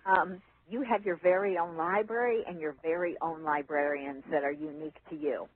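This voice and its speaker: A woman guest, an author and teacher, telling stories in a casual interview, animated and laughing often. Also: deep voice, moderate pace, a little hiss or hum. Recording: phone-line audio.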